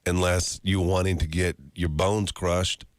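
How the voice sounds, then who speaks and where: A man's voice: low-pitched, measured pace, no room sound, studio quality. A man hosting a morning radio show, telling stories and joking in casual banter. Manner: storytelling, animated and joking. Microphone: studio microphone.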